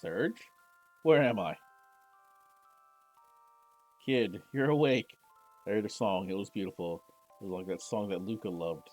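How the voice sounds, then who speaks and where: A man voicing a spirited young woman adventurer in a text-based game, raising his voice high and loud. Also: measured pace, pauses often, faint music behind, natural voice. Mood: gentle. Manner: raised and high-pitched, urgent.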